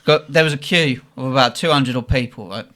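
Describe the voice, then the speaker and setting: A man's voice: medium pitch, brisk. A man, hosting a podcast and telling anecdotes in casual chat, acting out the voices of the people in his stories. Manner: animated, acts out voices in anecdotes. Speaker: podcast host.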